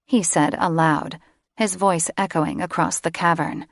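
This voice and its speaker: A woman audiobook narrator giving steady, scripted fantasy narration close to the microphone. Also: fairly low pitch, measured pace, vocal fry, no room sound. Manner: steady storytelling. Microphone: close studio microphone.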